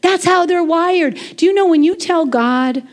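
A high-pitched woman preaching to a congregation in a lively, conversational way. She is in her forties and breaks into quick asides and laughs as she talks. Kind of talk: lively sermon.

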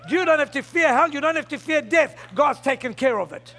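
A male pastor preaching a fervent sermon, often rising into shouts. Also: very high-pitched, animated, a little fast, hardly any pauses.

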